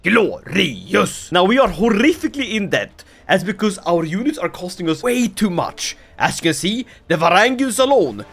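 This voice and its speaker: Animated male gameplay commentator. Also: sits high, moderate pace, hardly any pauses. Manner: jokey, bursts into shouted battle cries and silly character voices. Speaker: gaming YouTuber.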